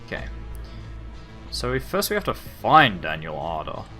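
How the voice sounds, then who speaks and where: A man's voice: on the low side, unhurried, soft background music. A young Australian man playing a video game, reading its dialogue aloud and commenting as he goes. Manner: lively, reads all characters aloud. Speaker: let's play gamer.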